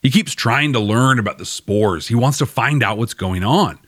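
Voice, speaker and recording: A man's voice: medium pitch, expressive, moderate pace, fairly bright tone, no echo, clean studio sound. A man hosting a podcast, giving a chatty, wry recap of a TV episode. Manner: chatty and wry, laughing at his own jokes. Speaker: podcast host. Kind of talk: casual episode review narration.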